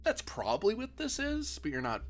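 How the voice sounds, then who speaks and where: A man running a tabletop role-playing game as game master, moving between hushed whispers and lively narration. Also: high voice, normal speed, slight background noise.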